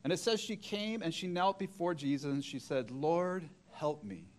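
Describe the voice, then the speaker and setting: A man's voice: sits high, animated, fairly quick. Storytelling male preacher. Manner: storytelling, acts out quoted voices. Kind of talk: sermon.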